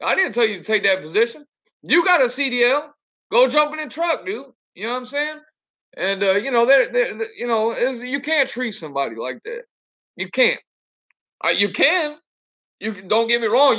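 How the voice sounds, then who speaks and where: A high-voiced, bright-sounding man, a trucker, vents bluntly and cusses freely while chatting on a home stream. His voice comes through a computer webcam and sounds muffled and lo-fi. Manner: blunt and profane, ranting. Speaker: truck driver. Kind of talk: casual livestream chat.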